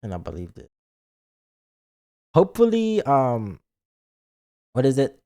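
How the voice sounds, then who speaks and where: A man's voice: medium pitch, huge pitch swings, normal speed, long pauses, dark tone. A man streaming live and chatting casually, playful and dramatic, acting out his own thoughts aloud. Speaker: virtual streamer.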